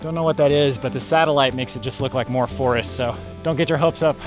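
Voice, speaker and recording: A man's voice: medium pitch, quick pace, over music. A man hiking a forest trail, making laid-back, dry remarks in casual chat. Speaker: hiking companion.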